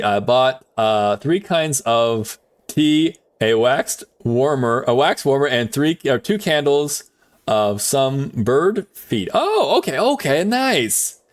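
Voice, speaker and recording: A young man rambles through a casual live stream while he plays, his pitch swinging up and down. He talks in an animated, loose way and swears without a second thought. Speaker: game streamer.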